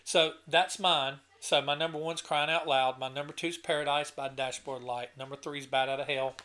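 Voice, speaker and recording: A channel host talks casually to camera while reviewing an album, getting emotional over his favorite songs. His voice is fairly high and sharp in tone, with fairly even intonation and normal speed. He sounds earnest and enthusiastic, sometimes choking up and often beginning sentences again.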